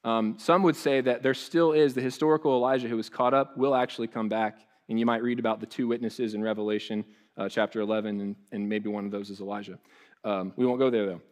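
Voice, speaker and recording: A man's voice: lowish voice, fairly even intonation, quick pace. A male pastor, preaching a sermon in a loose, conversational way with frequent restarts and asides.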